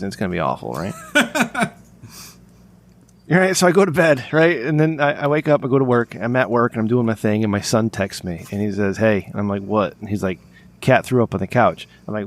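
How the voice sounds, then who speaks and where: A man's voice: mid-range voice, animated, a little fast. A man hosting a casual podcast, talking in an ordinary mid-range voice. He rambles through a profane story, stumbling over his words and restarting his sentences. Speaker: podcast host.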